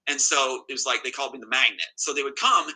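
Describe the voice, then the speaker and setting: A man's voice: mid-range voice, quick pace, pushed and bright, husky, rough recording. A man telling an interviewer an emotional personal account, agitated and emphatic, often repeating himself. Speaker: interview guest.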